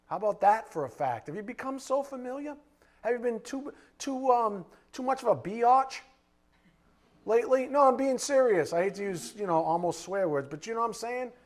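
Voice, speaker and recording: Man, preacher, high voice, sermon, blunt rhetorical questions, loud-to-quiet swings.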